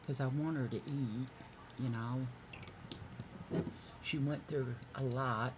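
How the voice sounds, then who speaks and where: A woman's voice: rumbling low, fairly even intonation, slow pace. A woman doing her makeup on camera and chatting to viewers, telling rambling stories from her day in a homey, friendly way. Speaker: beauty vlogger. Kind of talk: chatty makeup tutorial with storytelling. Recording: noisy home recording.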